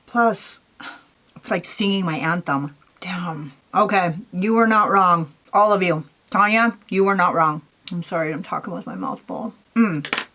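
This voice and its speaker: A woman's voice: on the low side, fairly bright tone. A young woman vlogging a makeup tutorial in a chatty, candid way, swearing casually and saying "like" a lot. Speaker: beauty vlogger.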